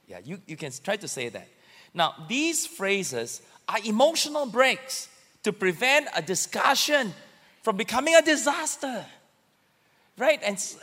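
Man, high voice, lively swings in pitch, acts out quarrels, long hall reverb. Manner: animated, acts out arguments. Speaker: pastor. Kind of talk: sermon teaching with a couple.

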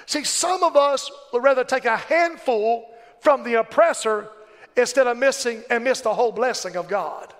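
High-voiced impassioned male preacher, reverberant hall. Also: moderate pace. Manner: impassioned, rhythmic call-and-response preaching. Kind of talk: sermon.

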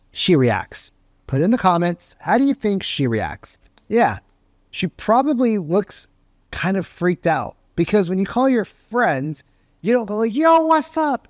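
A middle-aged man with a slightly high voice teaching sales technique with lots of energy. He talks conversationally, tossing in "right?" and jumping into lively play-acted phone calls. The sound is dry and close. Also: no room sound. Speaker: sales coach.

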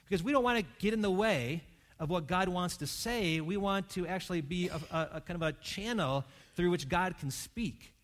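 A male pastor preaching a conversational sermon in church, swinging between loud emphatic lines and hushed quiet ones. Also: high voice, moderate pace.

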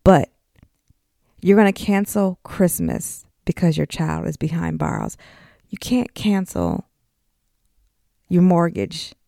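A woman's voice: low-pitched, creaky, warm tone, dry recording, clean studio sound. A woman in her forties hosting a podcast, talking frankly and emotionally straight to her listeners. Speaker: podcast host. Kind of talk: candid personal talk.

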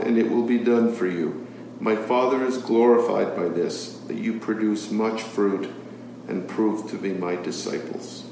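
A man leads a Bible study, stopping often on an "uh" and asking his listeners question after question. His voice sits at an ordinary middle pitch. It carries a lot of echo, picked up from across the room, with a faint hiss of room noise underneath. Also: darkish tone. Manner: poses rhetorical questions and reads scripture aloud, with frequent fillers. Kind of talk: teaching a Bible study to a live group. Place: room with a live group. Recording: very echoey room, far from the mic.

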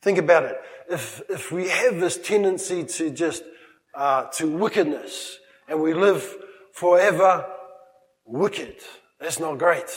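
A man's voice: on the high side, in a large hall, low-quality recording. A man preaching a sermon, emphatic and with playful humorous asides. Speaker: pastor. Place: church.

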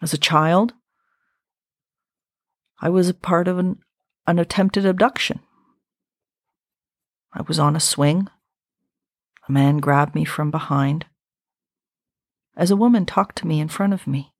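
A woman in her fifties speaks slowly and deliberately, her lower voice carrying a gravelly, husky edge. She hosts a podcast and shares a personal story reflectively and intimately. She sits close to the mic in a dry, quiet room. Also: dry recording. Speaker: podcast host.

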